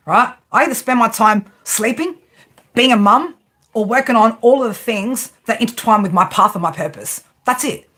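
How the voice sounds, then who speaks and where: On an unscripted livestream, a tarot and spiritual reader rants in a bright, forceful, fairly high voice. She swears freely, picks fights, and keeps firing off rhetorical questions capped with "right?"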